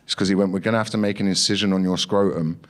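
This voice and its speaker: On a comedy club stage, a young man with a deep, steady voice races through a stand-up set. He tells a story punchily, acting out quotes and swearing along the way.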